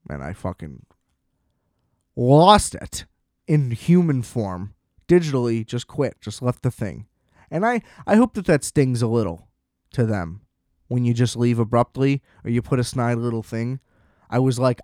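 A man's voice: mid-range voice, expressive, normal speed, darkish tone, no room sound, studio quality. A young man ranting in a casual, exasperated and profane monologue as a podcast host.

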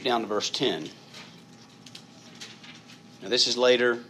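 A man's voice: mid-range voice, slow, sharp tone, slight background noise. A male pastor preaching a sermon in a conversational, emphatic way, often repeating words.

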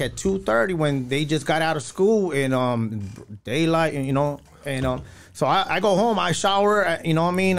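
A man's voice: on the high side, gravelly. A man, a podcast guest telling a long personal story with lots of fillers and acted-out quotes. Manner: rambling storytelling with many fillers, acting out quoted dialogue.

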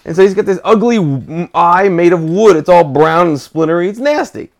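High gravelly dude telling a dirty joke, mumbles the quotes real low. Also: male voice, lively intonation, normal speed.

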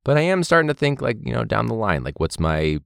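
A man's voice: medium pitch, quick pace, creaky, clear, resonant tone, no echo, clean studio sound. A young man, a teacher hosting a podcast, talking casually and animatedly, joking and mimicking others. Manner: animated, jokey, mimics people in a loud voice.

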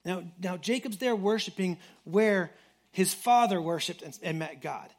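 A man's voice: sits high, measured pace. A man preaching a conversational sermon, earnest and searching for words, often repeating himself and saying "like". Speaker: pastor.

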